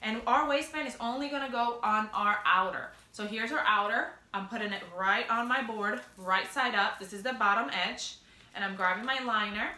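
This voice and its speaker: A young woman, a sewing instructor, talks through a sewing project in a casual, upbeat, chatty way, often correcting herself. Her medium-pitched voice is bright and forceful, and the room is echoey.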